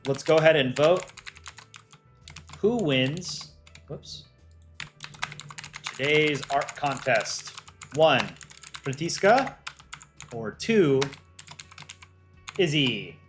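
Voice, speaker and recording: A man's voice: a little high, lively intonation, very slow, long pauses, faint music behind. Chatty man hosting a livestream. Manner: loose and chatty, with restarts and frequent laughter. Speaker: animator and livestream host. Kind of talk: casual livestream chat.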